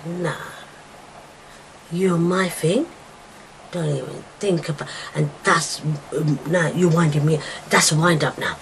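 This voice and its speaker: A middle-aged woman giving a raw, emotional personal account to her daughter, swearing and acting out old arguments, swinging from loud outbursts to hushed whispers. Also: deep voice, fairly even intonation, slow pace, vocal fry, a little hiss or hum, rough recording. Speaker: mother telling her daughter her story.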